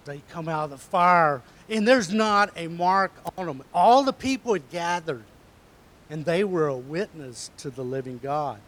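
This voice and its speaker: A man, a pastor, telling a Bible story to children in a conversational, animated way, with hushed asides. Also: on the high side, a little slow.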